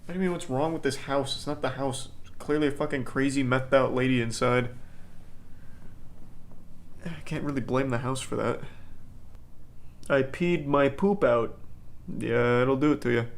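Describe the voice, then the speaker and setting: A man giving deadpan, sarcastic commentary while playing a horror game on stream, with sudden startled yelps at the scares. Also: mid-range voice, normal speed, pauses often. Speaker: gaming streamer. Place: home streaming setup on webcam.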